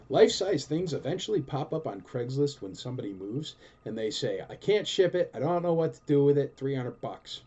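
A man's voice: medium pitch, dark tone, highs cut off. A man hosting a collector show, answering viewer questions in a rambling, enthusiastic, casual way with lots of fillers. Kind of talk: casual chatty Q&A.

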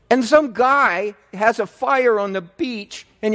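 A man preaching a sermon, telling the story in an animated way with casual asides to the congregation. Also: extremely high pitch, slow pace, hardly any pauses. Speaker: pastor. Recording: long reverb in a large hall.

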